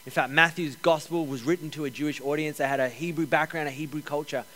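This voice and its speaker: A man preaching a sermon as pastor, energetic, repeating key phrases and joking with the congregation. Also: fairly high pitch, fast. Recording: long hall reverb.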